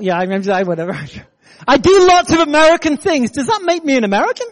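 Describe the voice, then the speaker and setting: A middle-aged man with a British accent preaches with a fairly high, bright-edged voice. He jumps from quick, punchy jokes to slower, weighty lines. He keeps a lively, conversational pulpit manner. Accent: British English. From Britain. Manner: animated preaching with self-deprecating jokes and laughter. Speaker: pastor. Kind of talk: sermon.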